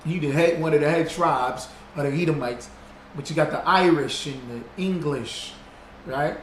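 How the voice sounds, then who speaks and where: A man's voice: fairly high pitch, normal speed. A man hosting a livestream, greeting viewers by name and teaching in a loose, repetitive, casual way that drives his points home. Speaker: livestream host reading viewer comments. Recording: roomy echo with faint background noise.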